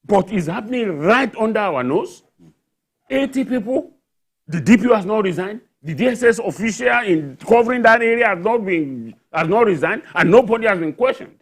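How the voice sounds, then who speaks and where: A man's voice: high-pitched, lively intonation, moderate pace. A man on a television panel, talking with indignation and firing off rhetorical questions. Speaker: journalist panelist. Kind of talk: studio panel discussion. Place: television studio.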